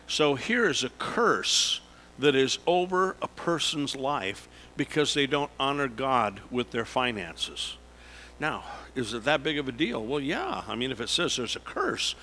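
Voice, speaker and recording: A man, a pastor preaching a sermon in a slow, emphatic way with sudden lifts in pitch. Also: sing-song, pushed and bright, a little hiss or hum, rough recording.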